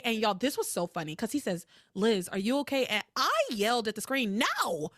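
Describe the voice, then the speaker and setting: Lively woman recapping with a dry sound. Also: on the high side, moderate pace, hardly any pauses, dry recording. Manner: animated, acts out characters' lines with laughs. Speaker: podcast co-host recapping a soap opera. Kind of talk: casual panel chat.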